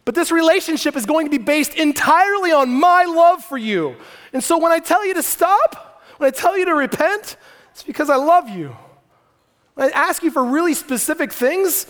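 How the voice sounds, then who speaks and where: High-voiced animated male pastor in a hall. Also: normal speed. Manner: animated, joking storyteller. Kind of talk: sermon. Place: large hall before a congregation. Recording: long hall reverb.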